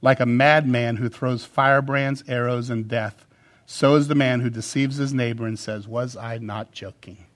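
A middle-aged man preaching a sermon, animated, swinging between loud emphasis and quiet asides. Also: mid-range voice, normal speed. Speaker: pastor.

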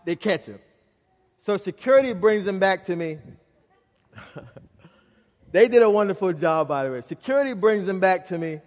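A middle-aged man preaching a sermon as pastor, telling a family story and swinging from loud to hushed. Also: high-pitched, expressive, normal speed, long pauses, long reverb tail.

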